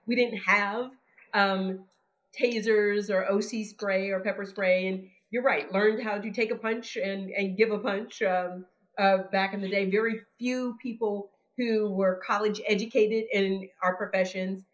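A woman's voice: medium pitch, fairly even intonation, measured pace. A woman, a former police chief, hosting a podcast and framing interview questions with long, conversational context.

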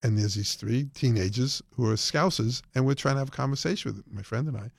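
Older guy on a podcast, gravelly voice, relaxed and friendly, super dry mic. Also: mid-range voice, quick pace, no echo. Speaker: guest, festival founder. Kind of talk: casual interview chat.

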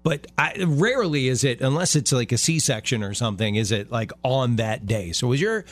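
A male radio co-host with a lively, bouncing pitch, who jokes and laughs as he chats. His voice sounds dry and close, with no room around it. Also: normal speed, no echo. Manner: laughs often, lively and joking. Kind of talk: casual radio chat.

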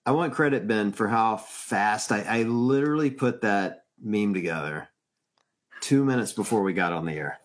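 Easygoing low-voiced Southern man. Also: expressive, moderate pace. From Mississippi, USA. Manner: joking, easygoing, wraps up with sponsor plugs. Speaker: podcast co-host. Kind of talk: casual podcast chat.

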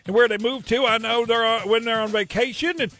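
A man's voice: very high-pitched, fairly even intonation, fairly quick, bright, forceful tone, faint music behind, heavily acted. A male radio host putting on the voice of a chatty, nosy retired mail carrier in a prank call, rambling and hesitant. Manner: rambling, hesitant, mock-aggrieved. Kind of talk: prank phone call bit.

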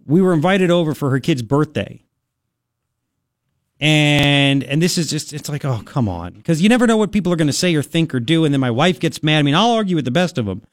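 A man hosting a talk radio show in a studio, excitable and rambling, with lots of exclamations. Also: fairly high pitch, brisk, dry recording. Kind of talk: animated talk radio banter.

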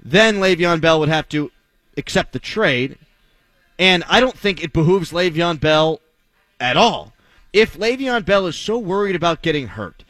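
A man's voice: on the high side, a bit bright, no echo. A man hosting a sports talk radio show, delivering a blunt, sarcastic, opinionated monologue.

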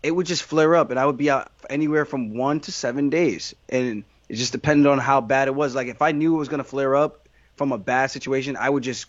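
A man's voice: mid-range voice, fairly even intonation, brisk, no echo. Fighter guy talking candid, rambly, restarts a lot, kinda muffled dry sound. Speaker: fighter being interviewed. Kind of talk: casual interview answers.

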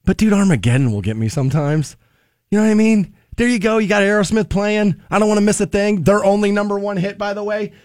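Male rock radio host, high voice, rowdy self-mocking storyteller. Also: fast, no echo, clean studio sound. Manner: animated, shouting storyteller who laughs at himself. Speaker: radio morning show host. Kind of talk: excited radio banter and promo reads. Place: radio studio.

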